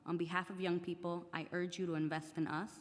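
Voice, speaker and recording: At a public hearing in a council chamber, a teenage student earnestly reads prepared testimony in English, a language that isn't her first. She talks fast in a lowish voice with little pitch movement, and the large space adds a long reverb.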